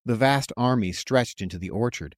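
A man narrating a fantasy novel as an audiobook, in a measured storytelling manner on a close mic. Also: medium pitch, no echo.

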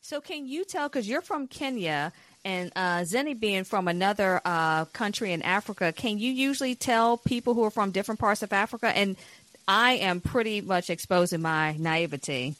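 A woman's voice: mid-range voice, moderate pace, dry recording. A woman hosting a casual book discussion, asking curious questions and telling stories with laughter. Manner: curious, animated asides, laughs while telling.

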